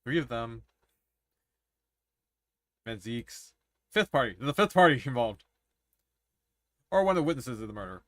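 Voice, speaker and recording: A man's voice: mid-range voice, expressive, normal speed, pauses often, a bit bright, no echo. A man streaming, chatting and musing aloud as he plays through a courtroom game. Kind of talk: casual game commentary. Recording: game music behind.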